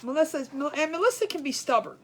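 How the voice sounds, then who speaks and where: A middle-aged woman, a craft show host, telling stories in a chatty, rambling, colloquial way that grows animated as she retells them. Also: high voice, quick pace. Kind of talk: casual storytelling chat.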